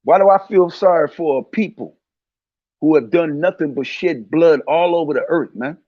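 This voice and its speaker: A man's voice: on the high side, normal speed, dry recording, dull audio. A man hosting a casual religious commentary talk, speaking in a heated, preachy way and repeating his points.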